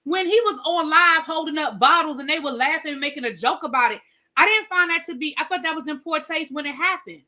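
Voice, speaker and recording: A woman hosting a casual reality TV recap, opinionated and animated, acting out what people said. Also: high voice, a little fast. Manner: animated, opinionated, acts out quotes. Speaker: recap show host.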